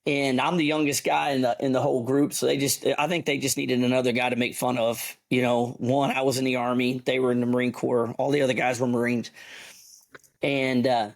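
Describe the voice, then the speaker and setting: Gravelly man spinning a yarn. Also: mid-range voice, a little fast. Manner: animated, profane yarn-spinner. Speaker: podcast guest, army veteran. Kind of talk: casual storytelling.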